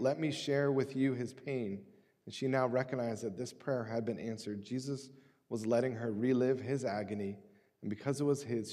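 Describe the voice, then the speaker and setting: Mellow-voiced man preaching in a reverberant church. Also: medium pitch. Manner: measured, reads scripture aloud deliberately. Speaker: pastor. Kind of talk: sermon. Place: church sanctuary. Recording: long church-hall reverb.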